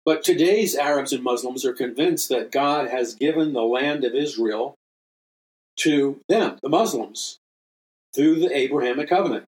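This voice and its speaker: A man's voice: medium pitch, moderate pace, darkish tone, low-quality recording. A man, a minister and radio host, reading from his own book and adding earnest, emphatic commentary with frequent restarts.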